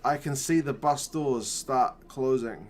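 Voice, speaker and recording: Brief: male rugby host of average pitch spinning a loose, self-deprecating anecdote, chuckling through it. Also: takes it slowly, a little mellow, slight background noise. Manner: rambling, self-mocking anecdote with frequent laughs. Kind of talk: casual storytelling during a watch-along.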